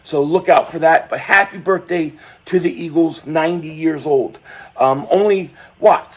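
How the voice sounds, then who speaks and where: Hoarse male sports vlogger, slightly high voice, opinionated, rambling delivery. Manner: opinionated, rambling with restarts and fillers. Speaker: sports channel host. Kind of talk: casual sports commentary vlog.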